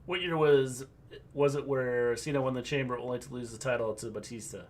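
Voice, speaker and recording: A man's voice: mid-range voice, fairly even intonation, brisk. An older man co-hosting a live wrestling watchalong. He chats casually, muses aloud and chuckles to himself. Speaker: co-host, veteran teacher.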